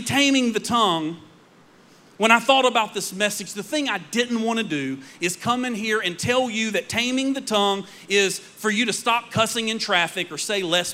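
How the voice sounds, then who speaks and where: A man preaching a sermon, telling stories dramatically and dropping to quiet emphasis. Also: high voice.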